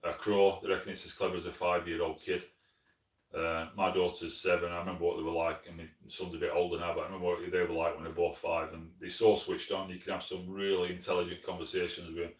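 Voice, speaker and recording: Low-voiced South Yorkshire man, echoey room. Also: level tone, quick pace, far from the mic. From Sheffield, South Yorkshire, England. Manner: friendly, plain-spoken, often calls viewers mate. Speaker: hunting channel host. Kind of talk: live stream chat answering viewer comments. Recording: echoey room, mic some way off.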